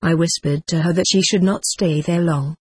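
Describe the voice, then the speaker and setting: Husky audiobook reader, dry close sound. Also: mid-range voice, steady tone, no room sound. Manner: measured, old-fashioned first-person narration. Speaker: audiobook narrator. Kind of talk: audiobook reading.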